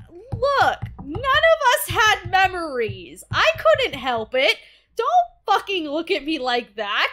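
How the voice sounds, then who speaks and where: Bright, high, excitable woman streamer. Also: slow pace, faint music behind. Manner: excitable, profane, reacts loudly. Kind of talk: game playthrough, reading dialogue aloud.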